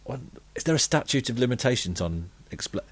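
A middle-aged British man on a comedy podcast, telling deadpan, rambling anecdotes full of fillers. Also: medium pitch, brisk. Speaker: podcast co-host telling comic stories.

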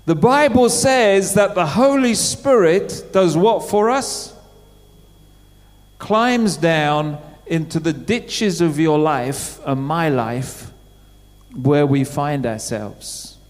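A man's voice: fairly high pitch, takes it slowly. A middle-aged man preaching a sermon in church, talking in a conversational way and putting questions to the congregation. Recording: church hall with long reverb.

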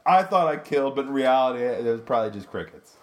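A man's voice: medium pitch, quick pace, noisy background. A man, a comedian co-hosting a podcast, telling a story in a loose, profane way and acting out the voices in it. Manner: animated, profane, acts out quotes in his story. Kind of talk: casual storytelling chat.

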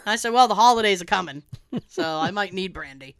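A woman co-hosting a podcast, chatting casually and telling a story, acting out quoted voices with big jumps in pitch and loudness. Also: animated, brisk, clean tone, no echo. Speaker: podcast co-host.

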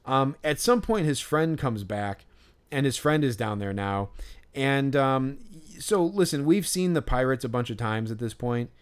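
A man's voice: mid-range voice, very animated, a little slow, clean tone. A man co-hosting a podcast, telling a story in a rambling, casual way with lots of fillers and restarts. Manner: mimics other fans in a raised voice. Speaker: podcast co-host. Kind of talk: casual chat.

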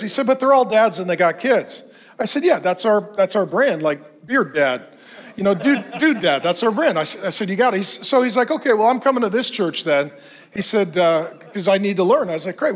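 A middle-aged man preaching to a men's group at church, loud and animated, telling stories with jokes. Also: sits high. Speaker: pastor. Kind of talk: energetic men's group sermon. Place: church hall before a live audience.

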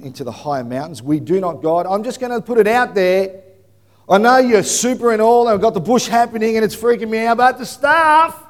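Male preacher, lively storyteller who breaks into shouts; unusually high voice, long echo of a church hall. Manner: animated storytelling, bursts into shouting. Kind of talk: sermon.

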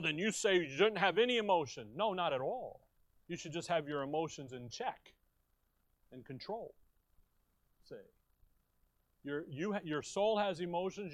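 A man's voice: on the high side, no echo. A middle-aged man preaching a sermon as pastor, emphatic, asking rhetorical questions and tossing in casual asides. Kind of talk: expository sermon. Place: church.

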